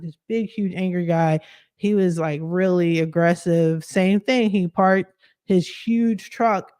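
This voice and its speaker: A woman's voice: lowish voice, darkish tone, no echo, clean studio sound. A woman, a credit expert, livestreaming from her living room at home and chatting animatedly as she multitasks through a story.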